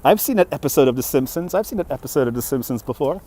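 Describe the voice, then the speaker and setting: A man's voice: mid-range voice, lively intonation, fast talker, dark tone. A man from New York City hosting a casual live-stream walking tour, chatting and joking with viewers as he goes. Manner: chatty, answers viewer comments, jokey. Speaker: livestream host. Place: outdoors on a city street at dusk. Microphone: phone on a handheld gimbal. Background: traffic and street ambience.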